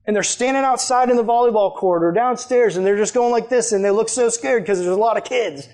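A man's voice: very high-pitched, brisk, a little mellow. A young adult man, a youth pastor, preaching a conversational, emphatic sermon to a youth group.

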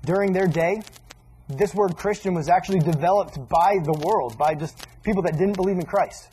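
A man preaching a sermon in a casual, animated way, acting out little asides as he teaches. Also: high voice, normal speed, a little hiss or hum, poor audio.

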